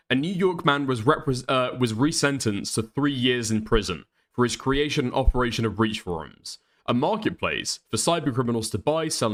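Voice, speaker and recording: Man, commentary host, swears constantly, lively up-and-down pitch. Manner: profane, exasperated, mocking. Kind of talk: reaction commentary.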